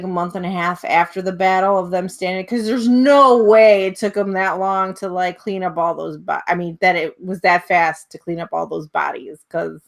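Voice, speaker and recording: A woman hosting a casual chat about a TV show, talking loosely with lots of filler words and frequent laughs. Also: on the low side. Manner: chatty, laughs often, many filler words. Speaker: host.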